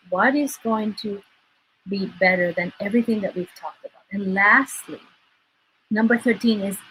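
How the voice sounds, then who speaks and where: A woman's voice: medium pitch, slight background noise, low-quality recording. A woman leading a live-streamed goal-setting workshop as a life coach, talking earnestly and encouragingly, often repeating words for emphasis. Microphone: livestream mic.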